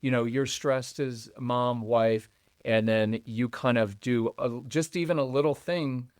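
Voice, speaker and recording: A man's voice: mid-range voice, fairly even intonation, unhurried, darkish tone, smooth, dry recording, studio quality. An older man speaking as a guest parenting coach on a podcast, talking in an earnest, heartfelt, rambling way. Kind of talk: podcast conversation.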